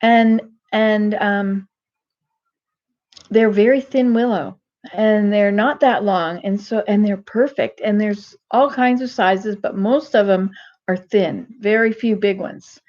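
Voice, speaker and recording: An older woman talking casually on a live stream, rambling and digressive with many restarts, gentle and self-deprecating. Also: mid-range voice, slow, highs cut off. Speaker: vlogger.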